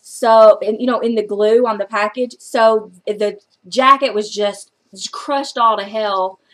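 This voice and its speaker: A woman book vlogger chatting casually through her book haul, excitable and gushing, with some casual swearing. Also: medium pitch, unhurried.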